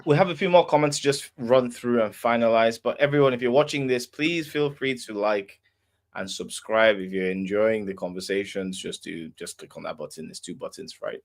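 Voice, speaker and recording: A man's voice: on the low side, moderate pace. A man co-hosting a podcast, arguing his side with hesitant, stammering restarts. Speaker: podcast co-host. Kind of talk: casual debate chat.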